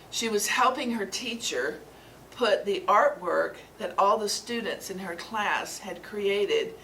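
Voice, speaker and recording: A woman's voice: medium pitch, fairly bright tone, recorded from a distance, low-quality recording. A woman speaker gives a sermon-style talk to a small gathering, earnest and prone to repeating herself. She sounds set back from the mic. A faint hum of room noise sits underneath. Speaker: spiritual speaker.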